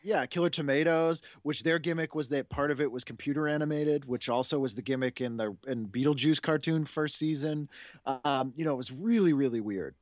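A man's voice: fairly high pitch, fairly quick, no echo, dull audio. A man in his forties hosting a podcast, chatting casually and enthusiastically, rambling and laughing often. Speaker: podcast host. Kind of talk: casual chat.

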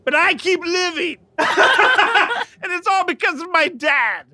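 A man playing Old Man Winter, a goofy immortal old man who rambles, giggles and bursts into shouts in an improvised comedy sketch. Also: extremely high pitch, expressive, slow pace, very noisy, exaggerated voice. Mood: rambling.

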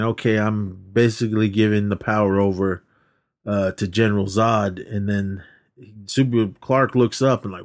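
A man co-hosting a podcast, casually recapping a film in a rambling way, acting out quoted lines and laughing as he goes. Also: fairly low pitch. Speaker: podcast co-host. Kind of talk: casual movie recap chat.

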